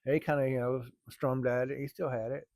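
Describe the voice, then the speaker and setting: A middle-aged man with a gravelly, fry-edged drawl talks in an easygoing, rambling way. His folksy storytelling sounds close and dry. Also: mid-range voice, flat delivery, brisk, darkish tone, no echo. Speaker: vlogger. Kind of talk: casual storytelling. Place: workplace, early morning.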